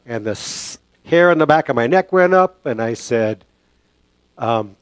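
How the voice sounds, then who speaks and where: An older man preaching a sermon through a personal story and prayer, halting and reflective, with many fillers and restarts. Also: medium pitch, animated, smooth, no room sound.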